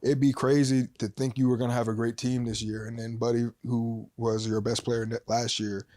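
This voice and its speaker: A man talking casually as a podcast guest, animated and emphatic, full of slang. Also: medium pitch, moderate pace, no echo, clean studio sound.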